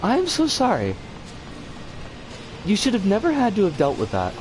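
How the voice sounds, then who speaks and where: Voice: medium pitch, huge pitch swings, moderate pace. A streamer giving live gameplay commentary, swearing in exasperated outbursts. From United States. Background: game music.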